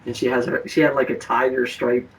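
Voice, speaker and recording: A man hosting a casual political chat, telling stories in a lively way and acting out the people he quotes. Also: medium pitch, fairly quick, far from the mic, slight background noise, poor audio. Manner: animated storytelling, acts out quoted people. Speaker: show host.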